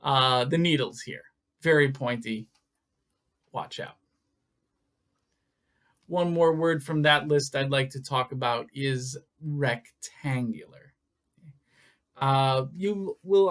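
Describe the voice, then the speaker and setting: A man teaching English vocabulary to learners in a video lesson, speaking slowly and stressing each word clearly. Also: mid-range voice, fairly bright tone. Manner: slow, deliberate, stresses words for learners. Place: language school lesson video.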